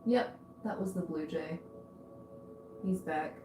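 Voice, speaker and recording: A woman's voice: on the low side, unhurried, pauses often, warm tone. A woman giving a tarot reading in a casual, chatty way, easily distracted and often exclaiming aloud. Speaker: tarot reader. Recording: echoey room.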